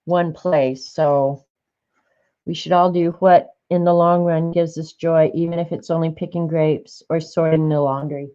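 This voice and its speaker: An older woman talking casually and rambling a little as she reminisces over her old journal pages. Her voice sits fairly low and has a mellow tone. The recording sounds slightly dull and lo-fi. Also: fairly even intonation, a little slow, clear, resonant tone. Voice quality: chatty, rambling, warm-hearted reminiscing. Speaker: art vlogger. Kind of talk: casual chat while flipping through journal pages.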